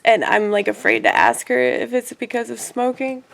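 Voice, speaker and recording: A woman chatting casually on her own video channel, rambling and laughing often, her voice swinging from loud asides to quiet murmurs. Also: a little high, big pitch swings, normal speed, creaky. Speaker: YouTuber. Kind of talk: casual vlog chat.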